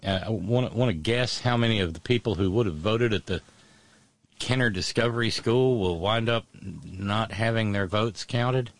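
A man hosting solo political commentary, sardonic and halting, often restarting his words. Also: fairly low pitch, dry recording.

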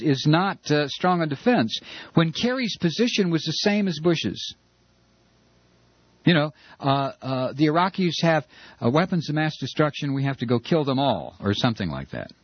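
Animated American man hosting call-in radio. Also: on the high side, moderate pace, husky, no echo, dull audio. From United States. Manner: animated, heated and sarcastic, with many fillers. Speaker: radio talk show host. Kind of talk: political call-in radio talk. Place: Georgia, United States.

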